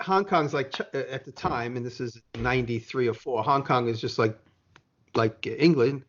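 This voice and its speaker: American guy rambling through a story on a podcast, mid voice, kinda muffled lo-fi audio. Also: medium pitch. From United States. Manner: rambling, laid-back, swears casually. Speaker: podcast guest. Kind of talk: casual storytelling chat. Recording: dull lo-fi sound.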